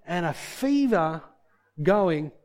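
Male preacher, slightly high voice. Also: big pitch swings, drawn-out words, darkish tone. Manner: conversational preaching that acts out little dialogues. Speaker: pastor. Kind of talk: sermon.

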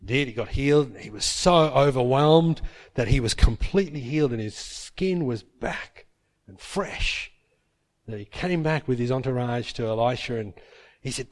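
A man preaching a sermon, retelling Bible stories with lively acted-out quotes. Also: medium pitch, normal speed. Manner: lively storytelling, acts out biblical characters in quotes. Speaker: pastor.

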